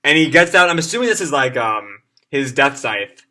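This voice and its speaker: A man's voice: mid-range voice, very animated, normal speed, bright, forceful tone. A man casually reading a comic aloud live and reacting to it in a chatty way, with lots of fillers. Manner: chatty, many fillers, reads the lines aloud.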